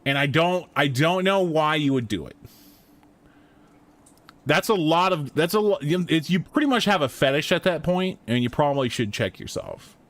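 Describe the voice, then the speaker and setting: Young male streamer, slightly high, expressive delivery, slangy jokes. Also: moderate pace. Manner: crude joking banter with chat, slangy. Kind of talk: casual gameplay chat.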